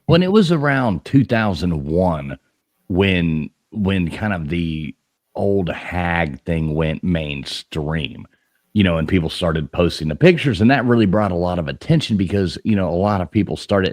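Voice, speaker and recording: Low, lively-voiced male stream host. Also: normal speed, no echo, clean studio sound. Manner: rambling storytelling, many fillers and restarts. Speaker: host of a live paranormal talk stream. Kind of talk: casual chat.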